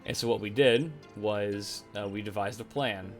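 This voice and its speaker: A man's voice: fairly low pitch, a little slow, faint music behind. A man telling a story on a live stream, swearing, laughing and restarting his sentences. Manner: profane, laughing, rambling with restarts.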